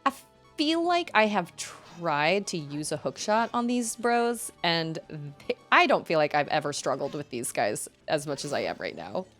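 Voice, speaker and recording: A young woman talks her way through a live game stream, her voice swinging lively up and down as she rambles between the game and her chat. Faint game music plays underneath her. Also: sits low, moderate pace. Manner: chatty and rambling, reacting to the game and chat aloud. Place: at home.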